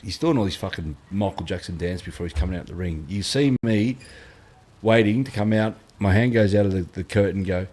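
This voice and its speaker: A middle-aged Australian man with a fairly low voice tells fight stories in a blunt, sweary way. He drops into quoted lines as he goes, and the chat stays relaxed and unscripted. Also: fairly quick. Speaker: guest, former fighter. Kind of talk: casual podcast chat.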